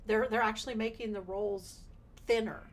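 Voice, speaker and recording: A woman's voice: mid-range voice, fairly even intonation, normal speed, a little hiss or hum. A woman co-hosting a podcast, reading out strange news stories and chatting casually. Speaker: podcast co-host.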